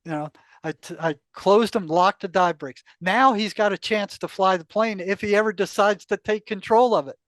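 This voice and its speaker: A man's voice: high-pitched, normal speed, a bit bright, no room sound. An older man casually telling a long personal story in an interview, acting out quoted exchanges and laughing along the way.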